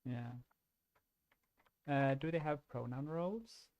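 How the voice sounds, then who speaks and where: A man's voice: fairly high pitch, slow pace, a little mellow, dry recording. A man giving casual commentary on an online card game, thinking aloud, restarting his sentences and laughing easily.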